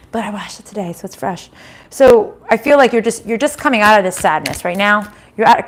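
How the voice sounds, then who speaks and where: A middle-aged woman giving a casual live-stream tarot reading from home, chatty, swearing now and then and laughing often. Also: lowish voice.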